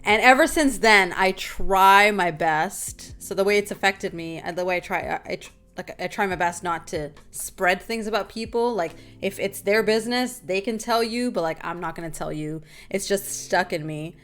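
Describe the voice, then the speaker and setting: A young adult woman hosting a casual group talk, telling a personal story with lively, animated delivery and calling listeners "y'all". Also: mid-range voice, moderate pace, few pauses, faint music behind. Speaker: talk show host.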